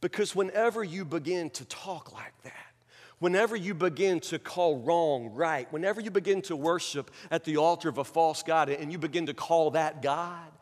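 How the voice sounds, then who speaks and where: A man delivers a sermon in a high, carrying voice. He mimics people's excuses with mocking voices and moves between loud outbursts and quiet asides. The sound rings with a long hall reverb. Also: moderate pace. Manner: dramatic, acts out excuses in mocking voices, swings from loud to hushed. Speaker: preacher.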